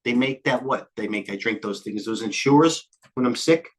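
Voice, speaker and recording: An older man hosting a live trading stream, talking quickly and jumping between stock tickers, a little out of breath. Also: mid-range voice. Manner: rapid, scattered, jumps between tickers. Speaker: trading show host. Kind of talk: live market commentary.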